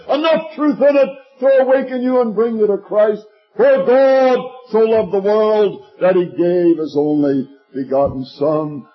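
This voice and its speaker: Husky older preacher, hushed to shouting. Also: male voice, sits high, muffled recording. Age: 60s. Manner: swings from hushed to shouting, slows to stress words. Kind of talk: sermon.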